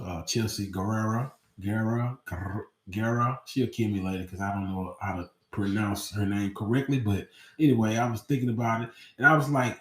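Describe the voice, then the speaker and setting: A man hosting a podcast, telling a story in a casual, slangy and profane way, acting out his own panicked younger self in a high voice. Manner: animated, acts out his own panicked past voice in a high pitch. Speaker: podcast host. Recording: roomy echo.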